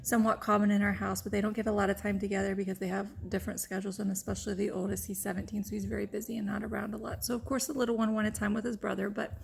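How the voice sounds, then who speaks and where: A woman's voice: mid-range voice, little pitch movement, racing, creaky, hardly any pauses, slight background noise. A woman vlogger telling a candid personal story straight to the camera, open and rambling, with many "like"s and "you know"s.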